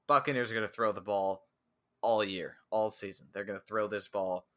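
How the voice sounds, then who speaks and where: Bright-voiced man cracking dry jokes. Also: lowish voice, steady tone, moderate pace. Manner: joking, dry one-liners. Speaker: fantasy football podcast co-host. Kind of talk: casual sports chat.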